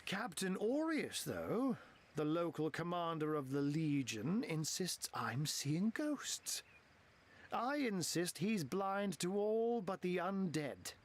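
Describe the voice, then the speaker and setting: A theatrical cat-wizard from a fantasy game, witty and genteel, who wraps every line in feline wordplay. His voice sits high and swoops widely, and he savours each flowery phrase. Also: very animated, slow pace, heavily acted. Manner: flowery, playful, full of cat puns. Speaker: game character.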